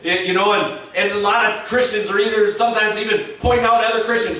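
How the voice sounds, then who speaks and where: Bright, forceful and pitched high, this pastor's voice runs fast with a flat delivery and hardly a pause. He preaches emphatically and has the congregation repeat his words, recorded from afar in an echoey church sanctuary.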